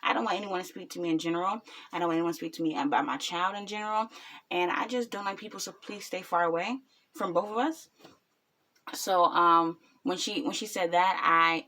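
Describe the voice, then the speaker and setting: A woman's voice: fairly low pitch, bright, forceful tone. A woman in her twenties, a new mother, talking bluntly and rambling with lots of ums in a casual reaction vlog. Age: 20s.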